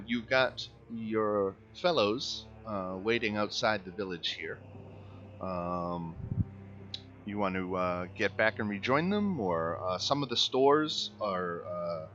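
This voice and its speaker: A man running a tabletop game as dungeon master, talking in a relaxed way with many fillers and chuckles. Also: lowish voice, lo-fi sound.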